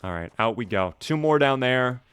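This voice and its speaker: Male streamer, mid pitch, smooth resonant voice, jokey running commentary, chats with viewers. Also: lively intonation, moderate pace, a bit bright. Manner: jokey, chatty, thanks viewers and reacts to chat. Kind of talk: casual gameplay live-stream commentary.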